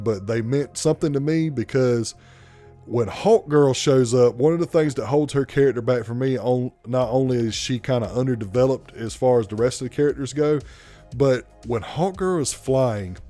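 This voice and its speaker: A man with a thick South Carolina accent gives a casual movie review in a blunt, profane, opinionated way. His voice sits at a middle pitch with a mellow, warm tone. Faint music plays behind him.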